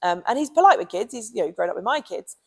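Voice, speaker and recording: A woman's voice: medium pitch, lively intonation, fast talker, gravelly, a little mellow, husky, low-quality recording. A British woman who trains dogs, giving chatty, casual advice with plenty of ums and you knows. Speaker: dog trainer.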